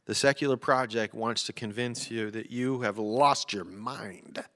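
A man's voice: medium pitch, measured pace, fairly bright tone. A man preaching a sermon, chatty and joking at times, then reading poetry with emphasis. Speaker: pastor. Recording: long hall reverb.

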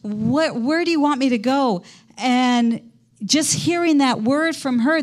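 High-voiced middle-aged woman pastor preaching. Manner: conversational preaching, quizzing the congregation. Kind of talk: sermon. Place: church.

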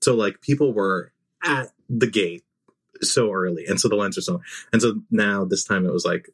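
A man co-hosting a podcast, telling stories in a relaxed, rambling way. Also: fairly low pitch, moderate pace, breathy edge. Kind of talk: casual chat.

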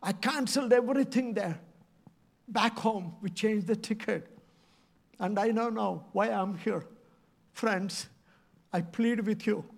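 A man's voice: high voice, measured pace, creaky, long pauses. A middle-aged man from India, preaching a passionate, pleading sermon full of repeated phrases. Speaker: evangelist preacher.

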